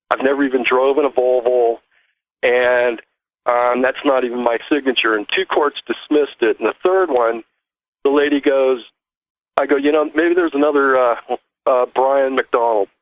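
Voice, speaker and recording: A man calling in to a show and telling a long story in a halting, rambling way, full of restarts. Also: medium pitch, no echo. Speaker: caller. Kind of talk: casual call-in storytelling. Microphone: phone. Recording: tinny dry phone line.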